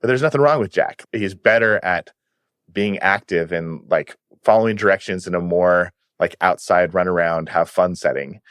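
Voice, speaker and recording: A man's voice: low voice, moderate pace, a bit bright, clean tone, no room sound, clean studio sound. A man guest on a podcast, chatting casually and retelling cartoon episodes with eager, filler-laden enthusiasm.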